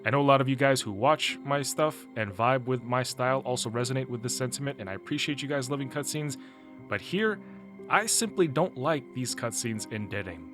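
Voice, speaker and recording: A man's voice: medium pitch, fairly quick, fairly bright tone, soft background music. Chatty, opinionated male game recapper. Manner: chatty, opinionated, often laughing. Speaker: gaming video host. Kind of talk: casual story recap commentary.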